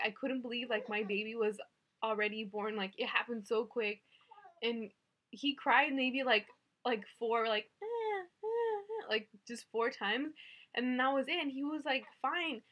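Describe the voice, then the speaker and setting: A woman's voice: fairly high pitch, a bit bright. A young woman in her twenties telling a personal story to camera in a chatty, emotional way, filling her talk with "like". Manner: chatty, says "like" constantly, emotional. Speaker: new mother vlogger.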